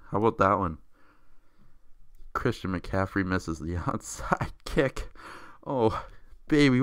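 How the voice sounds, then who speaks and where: Deep-voiced man ranting about football. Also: dry recording, clean studio sound. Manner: profane, excitable, mocking. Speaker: sports vlogger. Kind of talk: casual football rant.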